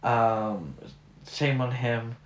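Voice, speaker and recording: A man's voice: mid-range voice, drawn-out words. Guy ranting about an awful movie, lots of ums, echoey room. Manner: exasperated, ranting critique with many fillers. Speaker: podcast co-host. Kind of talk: casual film review chat. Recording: roomy echo.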